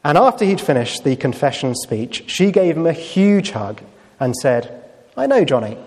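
A man's voice: fairly high pitch, animated, normal speed, a little mellow, long reverb tail. A man preaching a sermon, telling a story in a conversational way with fillers and rhetorical questions.

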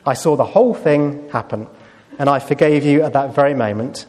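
A man voicing a kind old grandmother in a told story, speaking softly. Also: mid-range voice, normal speed, in a large hall, close to an everyday voice. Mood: gentle.

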